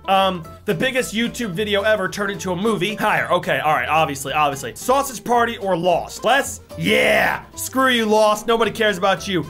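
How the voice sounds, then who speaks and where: A young man with a very high, bright voice, frantically yelping and coughing as ghost pepper burns his mouth. He pleads with the game and mocks himself between gasps, with music faintly under him. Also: expressive, normal speed, hardly any pauses. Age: young adult. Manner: frantic, yelping in pain, self-mocking. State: mouth burning, coughing, eyes watering. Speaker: YouTuber. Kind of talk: gaming and ghost pepper chip challenge commentary.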